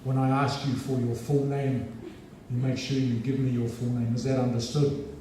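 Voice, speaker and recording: A stern, imperious older woman lecturer, played by a man telling a story, who speaks slowly in a hushed, clipped voice that expects obedience. The voice echoes strongly around a large hall and is picked up from some distance, with faint room noise behind. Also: mid-range voice, flat delivery, natural voice. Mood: stern, commanding. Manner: slow, clipped, commanding.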